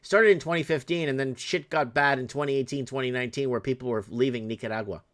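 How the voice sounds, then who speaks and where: A man's voice: mid-range voice, quick pace, fairly bright tone. Blunt, lecturing talk-show host man. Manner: blunt, argumentative, profane, lecturing. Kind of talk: opinionated call-in talk show.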